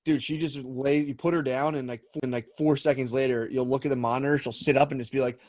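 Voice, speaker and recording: A man co-hosts a podcast over a remote call mic, telling rambling stories in casual chat with lots of swearing and frequent restarts. He is a fast talker with a mid-range, steady, darkish voice, and there is no room sound.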